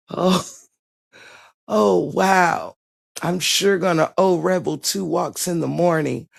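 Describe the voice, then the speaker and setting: A woman's voice: on the low side, slow, vocal fry, long pauses. A woman live streaming, chatting casually with her viewers in a gushing, theatrical, giggly way and slipping into a mock-dramatic diary recital.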